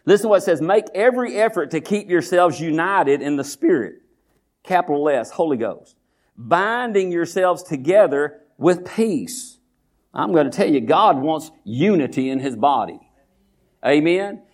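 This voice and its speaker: Male pastor, folksy sermon delivery with call-and-response, deliberate scripture reading. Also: on the high side. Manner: reads scripture slowly and deliberately.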